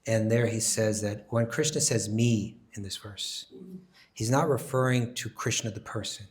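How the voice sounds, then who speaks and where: A man's voice: fairly low pitch, moderate pace. Emphatic man teaching a scripture class. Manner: animated, emphatic, repeats words while thinking.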